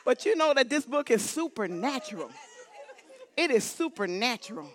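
A woman preaching a lively sermon in church, repeating emphatic exhortations to her congregation. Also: fairly high pitch, normal speed, a faint crowd. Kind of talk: lively sermon with holy laughter. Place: church sanctuary.

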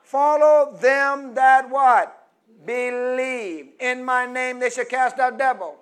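A middle-aged man preaching a sermon, prompting the congregation to finish his phrases and swinging between quiet teaching and loud, emphatic preaching. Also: extremely high pitch, steady tone, slow pace, clear, resonant tone.

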